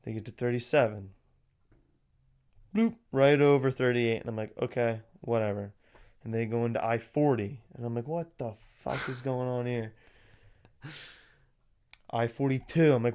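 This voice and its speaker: A young man co-hosting a podcast, telling animated, profanity-laced stories in casual chat and acting out what people said. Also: mid-range voice, moderate pace, pauses often, smooth. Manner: animated, swears a lot, acts out quotes. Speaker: podcast co-host.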